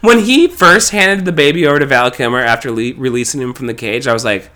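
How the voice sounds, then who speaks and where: A man chatting casually about movies, telling animated stories, acting out quotes, swearing and laughing often. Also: mid-range voice, a little fast.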